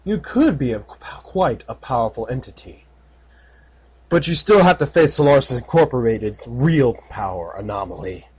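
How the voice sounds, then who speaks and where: A man's voice: mid-range voice, lively intonation, moderate pace, darkish tone, slightly rough. Man doing a haughty, cold villain. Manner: haughty, condescending. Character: arrogant male corporate villain, cold. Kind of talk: fan audiobook character voice.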